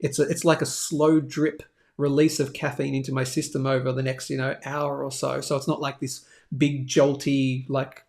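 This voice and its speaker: A man's voice: medium pitch, little pitch movement, normal speed, vocal fry, a little mellow. A man hosting a daily live stream, chatting casually and rambling as he reads out viewer comments. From Australia. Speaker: host of a daily live show.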